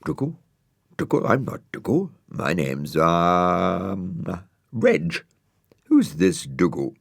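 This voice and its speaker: A man's voice: sits low, wildly swooping pitch, slow, vocal fry, dry recording, clean studio sound, full character voice. A man voicing a vain, fussy male dog with a pompous, huffy manner in a storybook reading. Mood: indignant.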